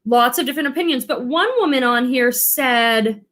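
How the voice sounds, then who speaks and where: A woman's voice: sits high, normal speed, a bit bright. A woman who resells thrifted goods online, chatting casually on a livestream and reading viewer comments aloud.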